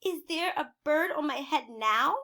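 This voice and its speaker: A woman's voice: sits high, lively intonation, a little slow, pushed and bright, pitched above the performer's own voice, heavily acted. A woman reading as a fretful, anxious elephant. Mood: worried. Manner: anxious, exclaims in alarm. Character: worried, fussy male elephant.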